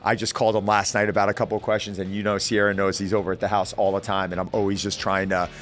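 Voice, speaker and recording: A man's voice: fairly low pitch, level tone, fast, a bit bright. A man in his forties hosting a podcast, talking in an upbeat, chatty way with loose fillers and restarts. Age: 40s. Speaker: podcast host. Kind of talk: casual podcast intro and conversation.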